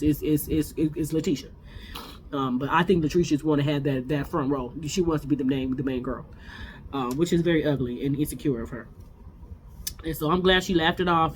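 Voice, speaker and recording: Rambling recap host, mid pitch, super opinionated, faint noise behind. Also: a little mellow. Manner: rambling, opinionated, chatty with frequent restarts. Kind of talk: casual reality TV recap.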